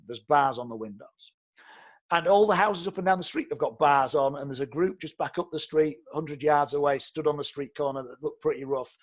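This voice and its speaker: Guy telling a story, pretty high voice, keeps saying okay. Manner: animated, conversational, checks in with "okay?". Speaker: property investor and trainer. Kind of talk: storytelling talk.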